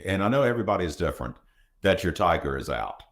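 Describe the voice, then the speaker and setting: Lively low-voiced male host. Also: quick pace. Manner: conversational, shares stories, asks rambling questions. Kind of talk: casual interview talk.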